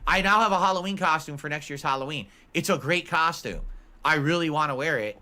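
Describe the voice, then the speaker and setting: A man's voice: on the high side, fairly quick, bright, forceful tone, a little hiss or hum. A man chatting casually on a stream, answering chat messages in a musing, talkative way.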